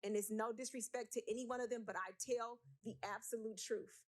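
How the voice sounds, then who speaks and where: Councilwoman talking at a meeting, emotional and blunt, kinda high voice. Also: fairly even intonation, brisk. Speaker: city councilwoman. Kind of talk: impassioned council meeting speech. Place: city council chamber.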